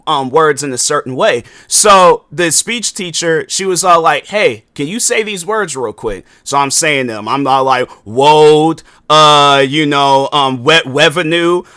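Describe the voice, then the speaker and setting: A man's voice: a little high, unhurried, few pauses, sharp tone, no room sound, clean studio sound. A young man talking casually on his own podcast, rambling and restarting his sentences as he goes. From Washington, US. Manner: loose, conversational, repeats and restarts often. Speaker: podcast host. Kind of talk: casual solo podcast monologue.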